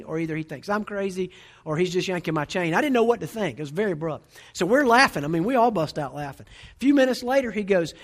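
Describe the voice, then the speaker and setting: Fast-talking, high-voiced preacher in his forties. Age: 40s. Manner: humorous storytelling, animated. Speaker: pastor. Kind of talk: sermon.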